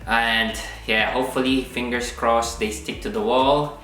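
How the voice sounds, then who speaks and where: A man's voice: mid-range voice, steady tone, measured pace, pushed and bright. A man talking casually and with self-deprecating humor in a DIY vlog. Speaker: vlogger doing DIY. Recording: echoey room with music.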